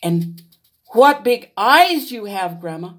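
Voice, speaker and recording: A woman voicing an innocent little girl in a storybook reading, bright and childlike. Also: mid-range voice, big pitch swings, takes it slowly, soft background music, pitched above the performer's own voice.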